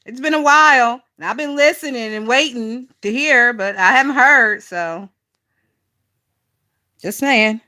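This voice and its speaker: Woman, gossip streamer, bright and punchy voice, swears freely, laughs a lot. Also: fairly high pitch, unhurried. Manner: chatty, profane, laughs often, talks to chat. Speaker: gossip channel host. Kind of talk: casual livestream gossip chat.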